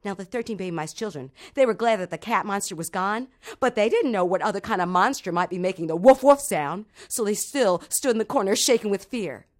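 Animated woman telling a children's story. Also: medium pitch. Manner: animated, dramatic pauses, sound effects.

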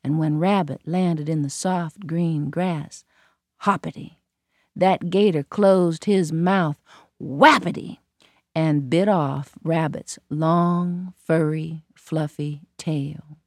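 A woman telling a folktale in a lively, rhythmic way with playful sound words. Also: sits low, slow, dry recording, studio quality. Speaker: storyteller. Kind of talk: folktale storytelling.

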